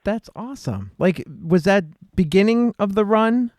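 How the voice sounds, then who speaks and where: Casual podcast host, bouncy voice, dry mic, quick little replies. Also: mid-range voice, animated, darkish tone, no echo. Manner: short encouraging replies and questions.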